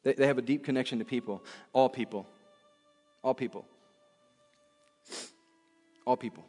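A man's voice: medium pitch, moderate pace, mellow, big-room sound, faint music behind. A man preaching a sermon in a church, emphatic and repetitive, often restarting his phrases.

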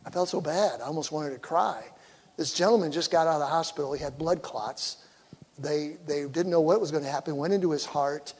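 Man, pastor, conversational sermon, high voice, hall reverb. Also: fairly quick, darkish tone, slightly rough. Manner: conversational, acts out quoted voices. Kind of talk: sermon on communication. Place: church.

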